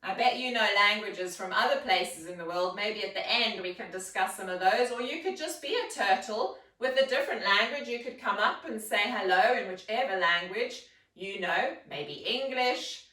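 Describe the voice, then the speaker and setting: Slow, playful woman yoga teacher. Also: fairly high pitch, bright, forceful tone. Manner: playful, storytelling, coaxing instructions to young children. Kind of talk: guided children's yoga class. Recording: roomy echo, mic set far off.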